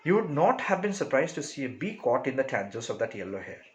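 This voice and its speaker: A man with an Indian English accent, explaining a story to his class, checking in with "right?" after nearly every phrase and pausing on many "uh"s. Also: medium pitch, sing-song, low-quality recording. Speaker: teacher.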